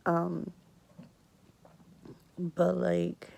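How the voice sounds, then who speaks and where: A young woman telling a personal story on camera, fighting back tears, speaking haltingly with many pauses and sometimes dropping to a whisper. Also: on the low side, monotone, creaky, poor audio. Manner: soft, sometimes drops to a whisper. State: tearful, fighting back crying. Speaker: vlogger.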